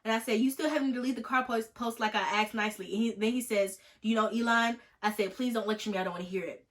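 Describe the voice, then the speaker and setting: Speaking fast and sounding a bit high, a young vlogger in her twenties jokes her way through a storytime, animatedly voicing each person in a text exchange.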